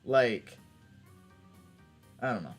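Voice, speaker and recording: A man's voice: medium pitch, sing-song, very slow, soft background music. A young man chatting casually while playing a video game, rambling and restarting his sentences. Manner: rambling, self-interrupting, laughs often. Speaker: gaming YouTuber. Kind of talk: casual let's play chat.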